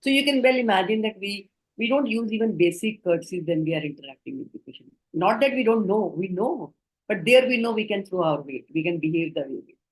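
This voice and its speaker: Indian English-accented woman trainer, earnest explainer, online lecture, mid-pitched voice. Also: expressive, a little fast, breathy edge, low-quality recording.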